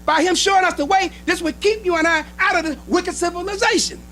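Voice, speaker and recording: Man preaching, really high bright voice, punchy repeated lines, faint hum under it. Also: fast talker, poor audio. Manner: emphatic preaching with short repeated phrases. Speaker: minister. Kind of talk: sermon. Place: temple hall.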